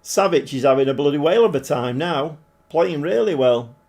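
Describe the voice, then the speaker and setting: Gravelly-voiced man chatting on a stream. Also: a little high, lively intonation, moderate pace, darkish tone. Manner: chatty, answers viewers' chat, swears mildly. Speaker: game livestreamer. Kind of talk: casual live-stream commentary.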